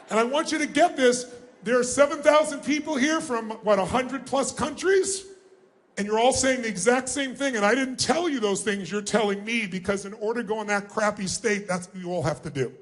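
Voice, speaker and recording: A middle-aged man leads a live seminar in a vast arena. His voice sits unusually high, and it stays booming and commanding as he drives the crowd to shout their answers back at him. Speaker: motivational speaker. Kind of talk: live seminar talk to a large audience. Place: large arena.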